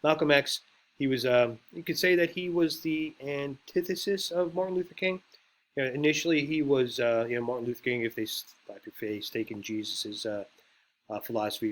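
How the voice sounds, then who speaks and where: A man teaching speechwriting in a loose, rambling way, full of ums and you-knows. His voice sits at an ordinary middle pitch, and he talks to the class conversationally rather than reading from a script. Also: steady tone. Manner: rambling and conversational, with filler words and quick impressions. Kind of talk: casual lecture on speechwriting.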